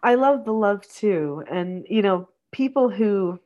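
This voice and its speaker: A middle-aged woman hosting a podcast, reading a story aloud in a gentle, soft-spoken way and chatting afterward. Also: mid-range voice, animated, slow pace, muffled recording.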